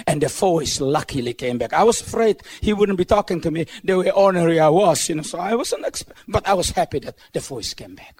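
Older guy preaching his testimony, high voice, funny storytelling, gets shouty. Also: brisk, breathy edge. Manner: storytelling, building to excited shouts. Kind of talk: humorous testimony sermon.

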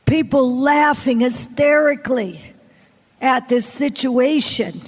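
High-voiced woman preaching in a hall. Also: takes it slowly, husky. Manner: dramatic storytelling, acts out the people she quotes. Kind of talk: sermon testimony. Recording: long hall reverb.

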